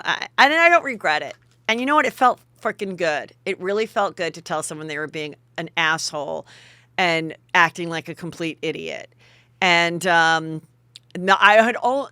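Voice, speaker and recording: A woman's voice: mid-range voice, no echo. A middle-aged woman hosting a podcast, telling a story casually and acting out the people in it. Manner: animated, acts out the people in her story. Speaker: podcast host.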